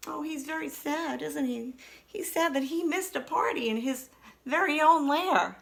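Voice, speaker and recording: A woman teacher reading a picture book aloud to preschoolers, expressive and asking the children questions. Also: sits high, unhurried, gravelly.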